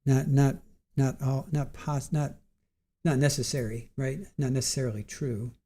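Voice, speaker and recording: A man's voice: medium pitch, fairly even intonation, normal speed, dark tone. A man hosting a casual live stream, thinking aloud about trial testimony, restarting sentences and answering chat questions. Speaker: live trial commentary host.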